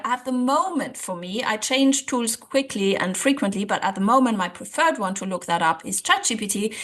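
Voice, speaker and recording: A woman's voice: a little high, fairly bright tone. A woman hosting a casual language-learning tutorial, chatty and thinking aloud, with a light laugh. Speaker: language-learning video host. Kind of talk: casual tutorial talk to camera.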